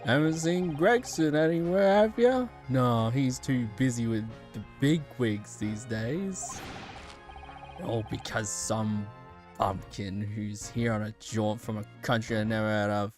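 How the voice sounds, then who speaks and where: A woman's voice: very deep voice, measured pace, darkish tone, soft background music, pitched below the performer's own voice. A woman streamer voicing an irritable male British police inspector in a lazy, drawling put-on British accent, grumbling and scolding. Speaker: streamer voicing game characters.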